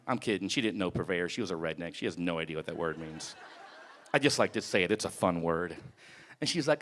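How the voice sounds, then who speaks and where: A man's voice: low-pitched, quick pace. A man doing a stand-up comedy set on a club stage, telling crude stories with lots of swearing. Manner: profane, animated storytelling.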